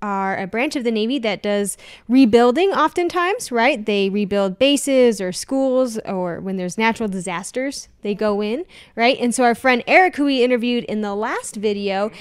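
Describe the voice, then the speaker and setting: A woman's voice: a little high, expressive, moderate pace, clean tone, no echo, studio quality. A woman hosting a casual family interview, upbeat and playful, asking questions in a chatty way. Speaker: host.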